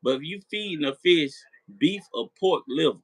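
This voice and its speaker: A man's voice: a little high, animated, normal speed, a bit bright, slightly rough, dry recording, low-quality recording. A man hosting a late-night live chat, rambling, repeating himself and swearing as he talks straight to his viewers. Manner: rambling, repetitive, profane. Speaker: live stream host.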